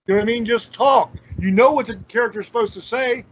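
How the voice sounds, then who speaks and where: A man's voice: high voice, brisk, slightly rough. A man hosting a casual chat, talking bluntly and emphatically with plenty of swearing. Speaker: podcast host. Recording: dull lo-fi audio.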